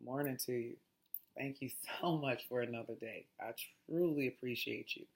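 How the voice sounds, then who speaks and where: A woman's voice: extremely low pitch, moderate pace, husky. A woman hosting a casual mindfulness talk, reading aloud in a chatty, digressive way and often restarting her lines. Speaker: host.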